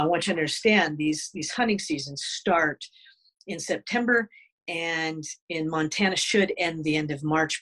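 A man, a wolf advocate guest, telling a story in an interview with many halting restarts. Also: on the high side, bright, forceful tone, poor audio.

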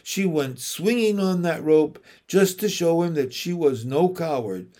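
Slow, deliberate male storyteller. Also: a little high, a little mellow. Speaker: audiobook narrator. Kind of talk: scripted narration of a children's novel.

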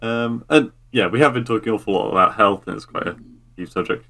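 A low-voiced man co-hosts a podcast in easygoing conversation. He talks hesitantly and leans on "uh" and "um" while he finds his words. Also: fast talker, bright, forceful tone. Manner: hesitant, lots of "uh" and "um". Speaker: podcast co-host. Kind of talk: casual chat.

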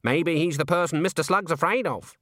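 A man's voice: a little high, brisk, pushed and bright, no echo, studio quality, voice pushed up. A man voicing a stern, blunt old witch woman who asks probing questions.

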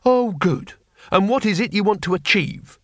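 A man's voice: high-pitched, lively intonation, slow pace, fairly bright tone, dry recording, studio quality, pitched above the performer's own voice, full character voice. A man voicing a cowardly wizard, agitated and sarcastic. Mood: angry, sarcastic.

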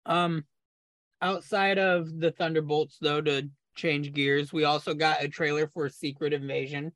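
A man's voice: a little high, flat delivery, unhurried, a bit bright, no echo. A man co-hosting a podcast, explaining eagerly at length in casual chat and sometimes stumbling over his words. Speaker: podcast co-host.

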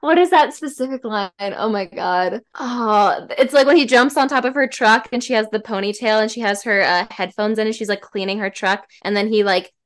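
Woman podcast guest, effusive and animated, casual banter, mid-range voice. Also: mid-range voice, normal speed, few pauses. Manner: gushing, animated enthusiasm.

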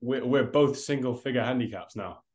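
This podcast co-host has a mid-range, somewhat dark voice and talks at a moderate pace. Chatting casually on a video call, he rambles, drops swear words and addresses everyone as mate.

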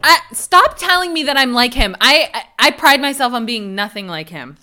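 A woman co-hosting a podcast, chatting casually about a TV episode and acting out the characters' lines. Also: moderate pace. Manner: animated, acts out quoted lines with big pitch jumps. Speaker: podcast co-host. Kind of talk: casual chat, recapping a TV episode.

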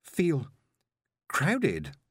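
A man reading aloud, voicing a frightened, shaky young girl who talks in halting scraps. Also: fairly high pitch, wildly swooping pitch, a bit bright, slightly rough, no echo, voice pushed up, exaggerated voice. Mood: shaken.

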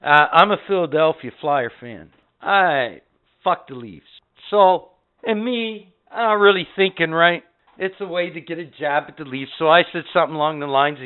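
Man, podcast co-host, casual profane storytelling, slightly high voice, phone-like audio. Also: moderate pace, clear, resonant tone.

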